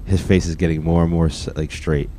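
A man's voice: low voice, flat delivery, brisk, warm tone, a little hiss or hum. A man hosting a podcast, giving loose, jokey commentary as he reacts to video clips. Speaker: podcast host.

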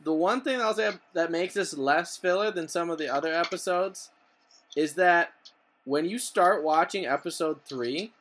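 Podcast guy, fairly high voice, laying out his argument. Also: normal speed, fairly bright tone. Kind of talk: casual podcast chat.

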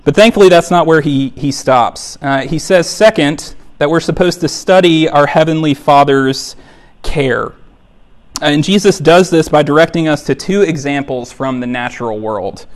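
Man preaching a conversational sermon, slightly high voice. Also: normal speed. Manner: conversational, emphatic, with fillers and repetition. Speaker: pastor.

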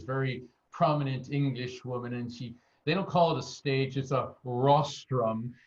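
Heard through a muffled recording, a man of medium pitch recounts anecdotes as a guest medium in an interview. The American storyteller is animated and plays out the quoted people himself.

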